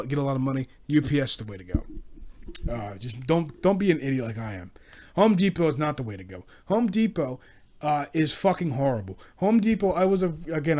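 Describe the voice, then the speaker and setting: A man telling casual stories about past jobs, rambling and profane, with frequent restarts. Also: fairly high pitch. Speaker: podcast host. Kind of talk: casual solo storytelling rant.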